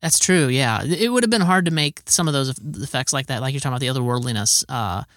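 A man's voice: mid-range voice, lively intonation, quick pace, a bit bright, no room sound, studio quality. Hesitant man in casual chat. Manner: hesitant, repeats words, laughs often.

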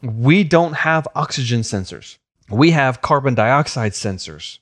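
A man's voice: medium pitch, lively intonation, unhurried, a bit bright. A man telling stories in casual chat, often breaking into laughter.

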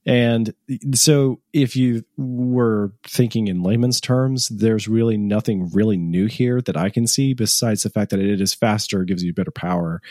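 A man co-hosting a casual tech chat, speaking in a measured way with some stumbling restarts. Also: on the low side, darkish tone, no echo, clean studio sound. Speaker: podcast co-host.

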